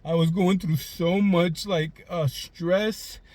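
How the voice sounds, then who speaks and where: A man's voice: sits high, steady tone, takes it slowly, darkish tone, dry recording. A man in his forties hosting a confessional vlog from inside a parked car, raw and emotional, swearing freely and choking up as he talks. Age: 40s. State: tearful, choked up. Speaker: vlog host.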